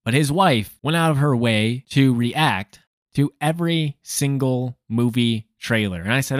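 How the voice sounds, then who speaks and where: Male review host, mid pitch, sarcastic storyteller, dry close mic. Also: measured pace, dry recording. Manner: sardonic, exasperated asides.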